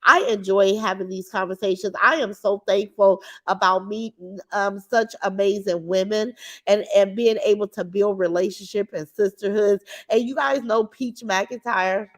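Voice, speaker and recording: A woman's voice: mid-range voice, fairly even intonation, moderate pace. A woman hosting a livestream, reading viewer comments aloud and giving her opinions in casual chat. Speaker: livestream host.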